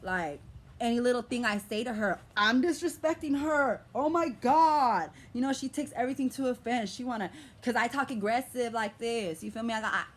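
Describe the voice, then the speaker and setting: A woman's voice: fairly high pitch, fast. A young woman with an American urban vernacular accent, venting in a vlog, talking in a passionate, aggressive, profane way. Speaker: vlogger. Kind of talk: emotional vlog rant.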